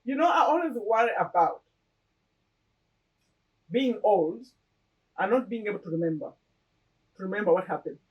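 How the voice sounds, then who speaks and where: A middle-aged woman speaks at a medium pitch in a casual, reflective way, stopping and restarting as she explains things. She sounds a little distant from the microphone. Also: expressive, muffled recording. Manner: earnest, reflective, with pauses and restarts. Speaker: vlogger sharing her vision board. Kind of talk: casual personal talk to camera.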